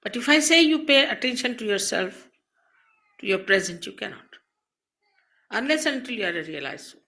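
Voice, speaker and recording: A woman spiritual teacher giving a slow, measured talk to an audience, speaking into a mic in a hall. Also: fairly high pitch, lively intonation, sharp tone.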